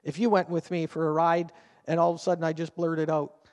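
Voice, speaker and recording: A man in his fifties, a pastor preaching a sermon with an animated storytelling manner, swinging between quiet and loud. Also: on the high side, fairly quick, long reverb tail.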